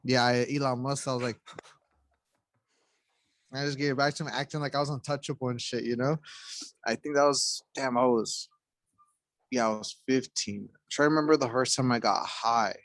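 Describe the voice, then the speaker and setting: A man's voice: medium pitch, fairly even intonation, moderate pace, pauses often, a bit bright, no room sound. A young man co-hosting a podcast, telling casual stories to his friends in a loose, profane way and laughing as he goes. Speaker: podcast co-host. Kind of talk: casual storytelling among friends.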